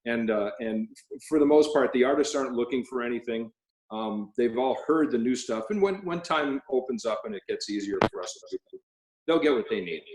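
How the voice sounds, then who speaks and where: Roomy-sounding man telling lively stories. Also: mid-range voice, moderate pace. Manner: animated anecdotes with laughter. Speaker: cymbal company president, guest. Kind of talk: storytelling in casual interview.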